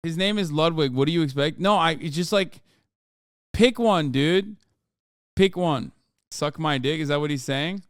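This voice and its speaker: Man in his 30s, Turkish native, streamer; sarcastic, animated profane commentary, smooth clear tone. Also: fairly high pitch, normal speed, dry recording, clean studio sound. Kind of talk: casual livestream reaction commentary.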